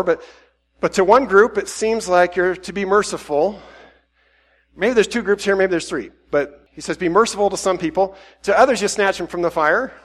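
A middle-aged man preaching a casual, conversational sermon, often breaking off mid-thought and laughing between points. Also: a little high. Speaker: pastor.

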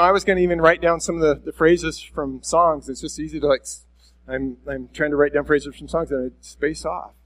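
A man preaching a conversational sermon at a church service, speaking candidly and directly to his listeners with self-deprecating honesty. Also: on the high side. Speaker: pastor.

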